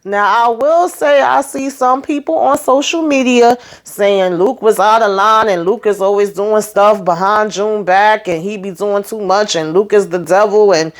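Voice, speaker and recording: A woman casually recapping a TV episode, retelling scenes in an animated, chatty way and calling listeners child and honey. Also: medium pitch, a little slow, hardly any pauses. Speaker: TV show recapper.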